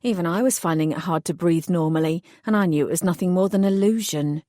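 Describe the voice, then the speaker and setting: A woman's voice: on the low side, fast talker, mellow, no room sound. Woman narrating an audiobook, dry sound. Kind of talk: first-person audiobook narration.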